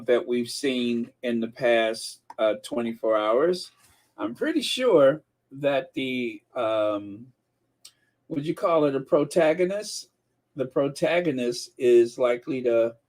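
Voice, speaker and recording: Slow, chatty male live-stream host. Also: medium pitch. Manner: unhurried, chatty, many um and uh fillers. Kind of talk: casual live-stream commentary.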